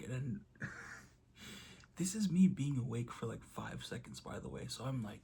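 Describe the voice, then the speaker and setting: Gravelly young man telling a story. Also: medium pitch, very animated, moderate pace, long pauses. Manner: storytelling, acts out quotes loudly. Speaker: vlogger. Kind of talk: casual motivational monologue.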